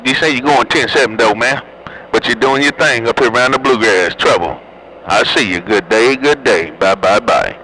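Over a CB radio, a male operator chats casually and teases other drivers with slangy, joking banter. His voice is mid-range at a moderate pace, with background noise.

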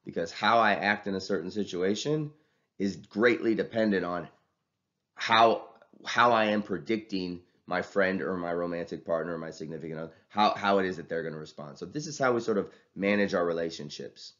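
A man's voice: sits low, brisk, a bit bright. A male teacher giving a casual classroom lecture, talking conversationally and ending his points with "right?". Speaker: college teacher and wrestling coach. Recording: dull lo-fi recording.

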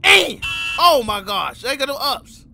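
A man giving loud, excitable commentary while playing a horror game, full of slang and yelling at jump scares. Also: extremely high pitch, unhurried, creaky, very noisy. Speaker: gamer.

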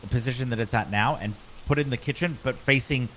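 Calm man directing a ghost hunt. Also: mid-range voice, quick pace. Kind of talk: casual gaming chat. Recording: noisy stream audio.

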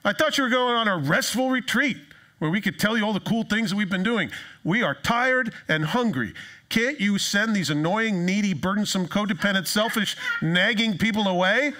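A man's voice: high voice, lively intonation, moderate pace, bright, forceful tone, pitched above the performer's own voice. A preacher putting on the voices of grumbling, impatient male disciples who brush people off. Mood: whiny. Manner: whiny, dismissive.

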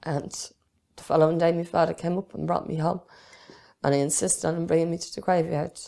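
Middle-aged Dublin Irish woman; low, gravelly voice; plain-spoken interviewee testimony. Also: fairly even intonation, brisk, mellow. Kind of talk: personal testimony.

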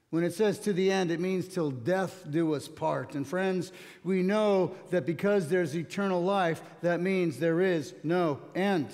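In a church sanctuary with long hall reverb, a pastor reads from scripture and gives a sermon. His voice is on the high side and a bit mellow, and he tells his stories plainly, with a light touch of humor.

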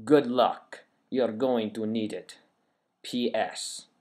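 A man reading out notes as a gloating evil male villain, in a put-on mock French accent and a loud, theatrical voice. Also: on the low side, slow. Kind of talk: reading a note aloud in a put-on voice.

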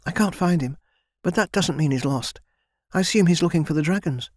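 A man performs a guarded young servant girl in a fantasy audiobook, raising his voice higher to play her. She sounds wary and bitter, and the read is close and dry. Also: a little fast, no echo, close to an everyday voice.

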